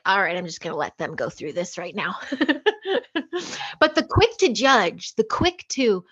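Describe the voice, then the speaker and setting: A woman's voice: on the high side, fairly bright tone. A mother in a casual podcast conversation, reflective, laughing lightly between her points. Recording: muffled lo-fi audio.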